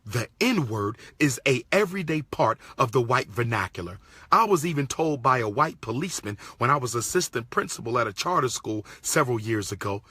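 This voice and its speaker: A man's voice: mid-range voice, big pitch swings, fairly quick, bright, forceful tone, husky, dry recording. A man from Pennsylvania giving an indignant commentary, repeating his points and firing off rhetorical questions. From Pennsylvania, USA. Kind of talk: impassioned monologue.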